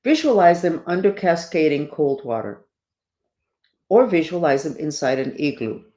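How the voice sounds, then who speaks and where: Animated, preachy woman host. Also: low voice, moderate pace. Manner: emphatic and preachy, swinging up and down. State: has the hiccups. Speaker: podcast host. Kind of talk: casual spiritual talk to listeners. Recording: roomy echo.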